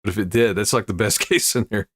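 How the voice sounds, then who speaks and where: A man's voice: on the low side, fast talker, fairly bright tone, husky, dry recording, studio quality. A man hosting a casual live-streamed chat about odd news stories, laughing often and rambling as he reacts to viewer comments. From United States. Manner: chuckling, rambling, self-interrupting. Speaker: streamer host.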